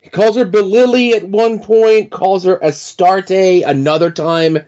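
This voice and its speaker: A man co-hosting a podcast in casual chat, halting and searching for his words. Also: high-pitched, steady tone, darkish tone. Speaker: podcast co-host. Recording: slightly muffled lo-fi audio.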